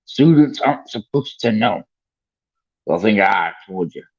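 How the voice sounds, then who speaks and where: A man voicing a huge, gruff gamekeeper in a storybook reading, in a near-normal voice. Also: on the low side, animated, unhurried, dull audio. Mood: hushing. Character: huge gruff male gamekeeper, secretive and warm.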